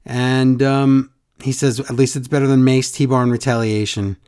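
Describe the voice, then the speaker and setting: A man's voice: mid-range voice, flat delivery, moderate pace, darkish tone, smooth. A man hosting a casual podcast, chatting animatedly and reading listener emails aloud with jokes. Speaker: podcast host. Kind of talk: casual wrestling podcast chat.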